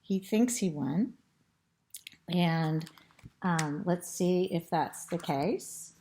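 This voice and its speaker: A woman with a throat tickle reading a storybook aloud to children, pausing to point at pictures and ask them questions. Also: on the low side, dark tone, a little hiss or hum.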